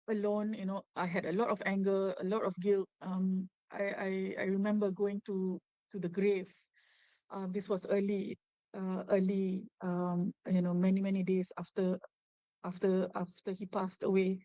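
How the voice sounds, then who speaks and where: A middle-aged woman, giving halting personal testimony as a webinar guest over a video call. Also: mid-range voice, darkish tone, no echo. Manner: halting, many fillers and restarts. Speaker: guest, suicide loss survivor. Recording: dull, dry lo-fi webinar audio.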